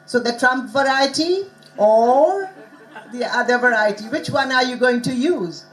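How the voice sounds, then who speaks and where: A woman giving a lecture at a conference, lively and teasing, often asking her listeners questions. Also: high-pitched, unhurried, low-quality recording. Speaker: conference speaker. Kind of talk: lecture to students. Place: conference hall.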